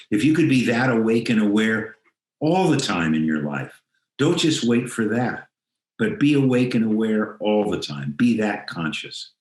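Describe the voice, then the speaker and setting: Older male guest, lowish voice, reflective storyteller who voices the people he quotes; roomy video call sound. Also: a little mellow. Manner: reflective, acts out quoted dialogue. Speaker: interview guest. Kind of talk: storytelling in a remote interview.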